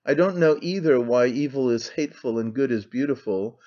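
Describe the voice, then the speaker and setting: A man's voice: medium pitch, a little fast, a little mellow, close to an everyday voice. A man reading an audiobook voices a frantic, impassioned man who pleads and accuses with intensity. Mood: accusing. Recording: slightly dull lo-fi sound.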